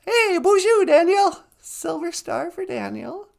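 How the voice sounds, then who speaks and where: A woman's voice: extremely high pitch, big pitch swings, a little slow, creaky. A woman co-hosting a podcast in casual chat, playful and teasing, laughing easily. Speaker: podcast co-host.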